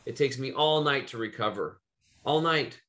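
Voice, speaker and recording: A man's voice: mid-range voice, normal speed, a bit bright. A man from Eastern Oregon hosting a podcast, telling a personal story in loose, rambling casual chat with some swearing. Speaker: podcast host.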